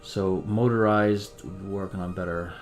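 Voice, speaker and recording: A man's voice: sits low, fairly even intonation, normal speed, faint music behind. A man giving casual commentary while playing a strategy game, thinking aloud and muttering to himself.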